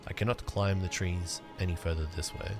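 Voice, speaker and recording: A young man casually chatting to his livestream chat while he plays a game, joking around and breaking into sudden excited outbursts. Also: low voice, fairly quick, music in the background. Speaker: streamer.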